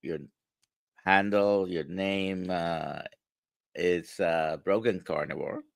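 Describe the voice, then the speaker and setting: A man hosting a livestream in a relaxed way, with many fillers and pauses. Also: sits low, gravelly, dry recording. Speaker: livestream host. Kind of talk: casual livestream talk.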